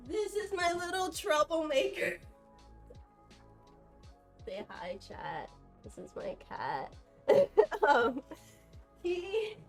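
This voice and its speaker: A young woman streaming live from her home kitchen, chatting casually with lots of fillers and giggles. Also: medium pitch. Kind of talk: casual live-stream chat while cooking. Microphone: camera on a tripod.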